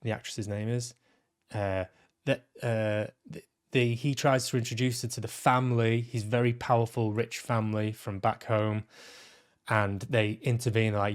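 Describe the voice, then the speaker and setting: A man's voice: fairly low pitch, flat delivery, moderate pace, smooth. A man giving a blunt, casual film review as a podcast host, swearing often and restarting his sentences. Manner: blunt, frequent swearing, many restarts and repeated words.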